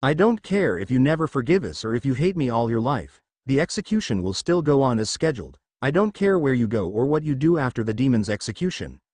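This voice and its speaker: A man's voice: medium pitch, brisk, few pauses, no echo. A man reading as a cold, stern village leader. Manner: calm and cold.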